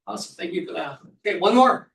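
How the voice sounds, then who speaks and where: Upbeat male team leader, high voice, echoey and distant. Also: expressive, creaky, a bit bright. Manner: upbeat, quick praise, repeats himself. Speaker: real estate team leader running a meeting. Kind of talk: group meeting, leading a sharing round. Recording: echoey room, mic far off.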